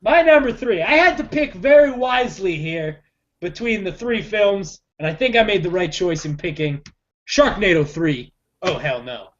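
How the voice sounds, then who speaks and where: A man co-hosting a podcast in casual chat, excitable and quick to exclaim. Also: sits high. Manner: excitable, exclaiming, laughs often. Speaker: podcast co-host. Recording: dull lo-fi recording.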